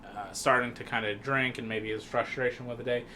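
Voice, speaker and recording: A podcast co-host recaps a film scene by scene, his medium-pitched voice moving fairly quickly over slight background noise. He rambles in a relaxed way, full of fillers and restarts.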